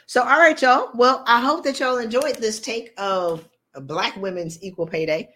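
Her voice sits a little high and moves at a moderate pace as she gives a live-streamed motivational talk. She jokes, preaches with animation, and stages small exchanges of dialogue as she goes.

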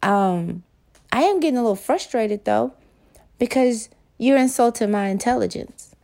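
A woman with a gravelly, mellow voice speaks in a loose casual monologue. She is blunt and profane and swears without a second thought. When she retells an argument, she plays out both sides herself. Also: on the high side, lively intonation, moderate pace.

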